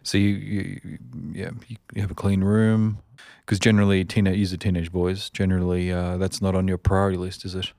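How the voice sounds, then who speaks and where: A man's voice: sits low, completely flat delivery, fairly quick, a little mellow, no echo, clean studio sound. A middle-aged man hosting a podcast in casual interview chat, rambling and restarting his questions. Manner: rambling, repeats words when starting questions. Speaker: podcast host.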